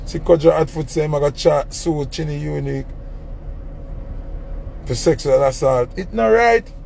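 Gravelly Jamaican man ranting. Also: on the high side, measured pace, slight background noise. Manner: animated, mocking, complaining. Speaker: entertainer on a livestream. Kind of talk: casual livestream rant.

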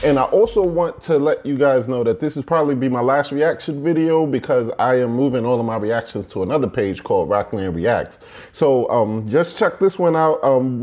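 A man hosting a reaction video, talking casually to camera with relaxed, hesitant fillers. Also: mid-range voice. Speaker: YouTube reaction host.

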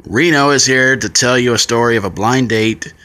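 A man's voice: medium pitch, pushed and bright, pitched below the performer's own voice, natural voice. A man putting on the voice of a dramatic trailer-style narrator, drawing out each word. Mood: ominous. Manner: slow, drawn-out announcer delivery.

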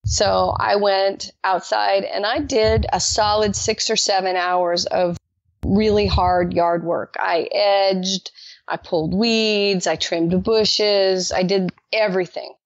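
A woman guest telling her personal faith testimony in an animated way, acting out the dialogue she quotes. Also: slow, dry recording. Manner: animated, acts out quoted dialogue with jumps in pitch. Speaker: podcast guest. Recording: dull lo-fi dry recording.

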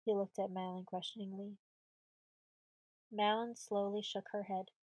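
A woman reading a storybook audiobook aloud in a measured, steady way, close to the mic. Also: mid-range voice, no echo, poor audio. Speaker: audiobook reader.

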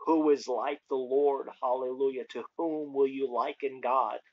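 A man preaching on a lo-fi recording that sounds dull and muffled. His voice sits at an ordinary pitch and stays fairly flat, and he moves between casual joking asides and fervent calls of praise. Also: measured pace. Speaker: online preacher. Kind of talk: casual preaching with scripture reading.

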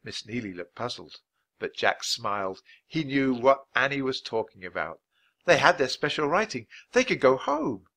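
A man reading a children's chapter book aloud at a clear, natural pace for English learners. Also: medium pitch, very animated, sharp tone. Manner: clear, unhurried storytelling. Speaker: audiobook narrator.

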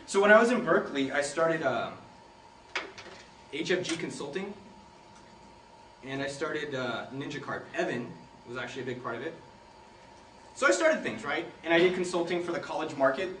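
Fairly quick and given to frequent pauses, this young San Jose, California native has a somewhat high, fairly bright voice with lively intonation. He gives students a casual storytelling talk full of loose, joking tales, laughing a lot and swearing freely, captured roomy and from a distance with faint hiss.

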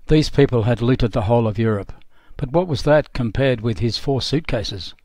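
A man's voice: medium pitch, darkish tone, no room sound. Sober male documentary narrator. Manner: measured, sober first-person reading. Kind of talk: scripted narration of a memoir.

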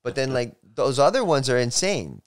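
Male guest, clean smooth tone, mid pitch, frank and salty. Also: sing-song, moderate pace. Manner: blunt, profane, giving friendly advice. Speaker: podcast guest. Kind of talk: casual chat.

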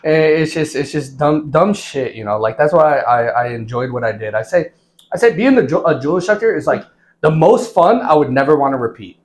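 A man in his thirties from Ohio, a former drill instructor, telling profane war stories in a casual, animated way and laughing often. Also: a little high, a little fast. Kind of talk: casual storytelling.

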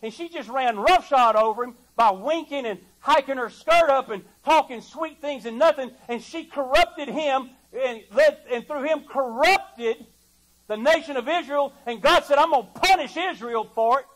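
A man's voice: very high-pitched, a little slow, fairly bright tone, low-quality recording. A man preaching a sermon, emphatic and folksy, repeating words as he builds his point. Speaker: pastor.

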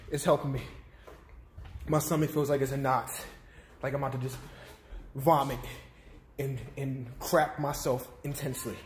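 Young male vlogger, in pain, sniffling, casual pleading tone, mid-pitched. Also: a little hiss or hum. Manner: distressed, repetitive pleading. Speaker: YouTuber doing a spicy chip challenge. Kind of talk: casual vlog to camera.

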